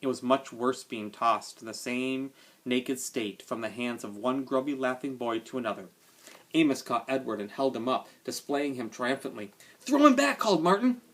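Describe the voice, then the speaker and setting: A male teacher reading a children's novel aloud to his class with expressive storytelling. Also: medium pitch, moderate pace. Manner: expressive storytelling, casual aside at end.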